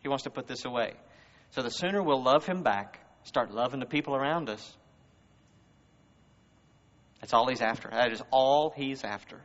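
A man with a Southern US accent preaching a conversational sermon, swinging between loud emphasis and hushed words. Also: mid-range voice, moderate pace, pauses often. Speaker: guest speaker. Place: church service. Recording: muffled reverberant hall recording.

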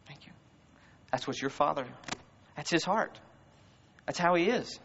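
This pastor's fairly high, fairly bright voice is animated and moves at normal speed as he preaches a conversational sermon, posing rhetorical question after rhetorical question to his congregation. The church recording is muffled, carries a long hall reverb, and has a little hiss or hum.

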